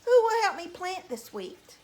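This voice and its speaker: A woman's voice: extremely high pitch, sing-song, moderate pace, darkish tone, voice pushed up. A woman voicing a hardworking hen in a storybook tale, asking earnestly and emphatically.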